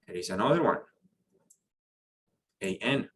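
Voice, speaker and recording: A man leads a French pronunciation class, his voice sitting a little low. He explains patiently, stopping and restarting with plenty of fillers, and a faint hum of background noise runs under him. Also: very animated, normal speed, long pauses, a bit bright, low-quality recording. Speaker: French teacher. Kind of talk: online class lesson.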